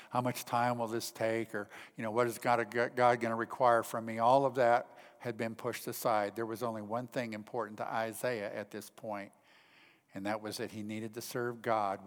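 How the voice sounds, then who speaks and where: A man preaching a sermon in an earnest way, pressing his points with rising emphasis and then dropping to hushed, quiet tones. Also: lowish voice, big-room sound. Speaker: pastor.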